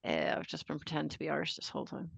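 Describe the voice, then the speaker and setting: A woman's voice: sits low, big pitch swings, rapid-fire, creaky, slightly rough, no room sound. An Australian woman co-hosting a podcast in casual chat, joking and teasing herself and her friends. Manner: joking, teasing, self-mocking. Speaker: podcast co-host.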